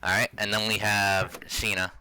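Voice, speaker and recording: A man's voice: fairly low pitch, little pitch movement, moderate pace, sharp tone, clean tone, rough recording. A man hosting and running a casual tabletop game, laid-back, with lots of fillers and laughs. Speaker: game master and host.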